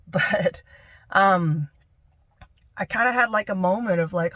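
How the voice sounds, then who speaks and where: A woman's voice: fairly low pitch, expressive, a little slow, fairly bright tone, no echo. A young woman from North Carolina, a van-life vlogger, rambling candidly through a personal story. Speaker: travel vlogger. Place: living in a camper van.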